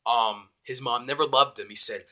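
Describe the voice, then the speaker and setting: A young man giving a casual, rambling, excitable spoken review of an anime episode. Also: medium pitch, normal speed, a crowd in the background. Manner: excitable, rambling, with many fillers.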